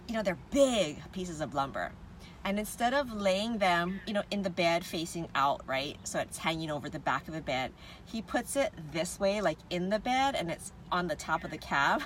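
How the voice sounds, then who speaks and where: A woman's voice: medium pitch, a bit bright. A woman chatting casually with viewers on a livestream from her car, greeting them and laughing often. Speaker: livestream host. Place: parked car with windows down. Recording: faint traffic noise through open windows.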